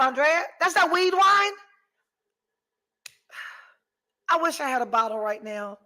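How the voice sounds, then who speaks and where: On a rough recording, a podcast host in her forties speaks in a high, pushed, bright voice. She reads out viewer comments, talking candidly with plenty of profanity and theatrically flipping between mock despair and laughter.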